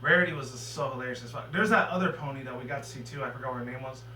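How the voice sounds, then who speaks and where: A bright-voiced man talks through a cartoon episode in a loose, rambling review, swearing often and wandering between thoughts. He sits back from the mic in a roomy, echoing space. A faint hum runs underneath. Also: medium pitch, very fast. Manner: rambling and profane, with loose filler. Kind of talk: casual spoken review. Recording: echoey room, mic at a distance, faint hum.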